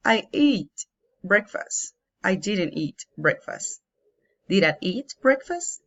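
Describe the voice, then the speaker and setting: A woman with as her teaching an English grammar lesson, slowly and carefully, spelling out each example. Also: mid-range voice, sing-song. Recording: dull lo-fi home recording.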